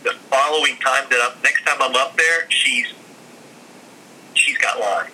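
A man spins his stories with a sharp, very bright voice, chatty and full of fillers. His delivery is animated, and a faint noise runs under the recording. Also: mid-range voice, measured pace, low-quality recording. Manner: animated, acts out other people's lines; chatty, lots of fillers and blah blah. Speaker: guest telling stories. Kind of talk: casual storytelling.

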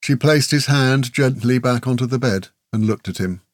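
A man narrating a fantasy audiobook in a steady, measured way. His voice sits in a middle pitch. The recording is dry and close, with no room around it. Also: no echo.

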